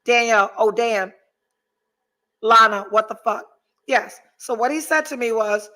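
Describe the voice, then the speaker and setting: A woman hosts a laid-back podcast, reading live chat comments from viewers and telling a story thick with profanity. Her voice is a little high and sharp, and she speaks a little slowly with long pauses.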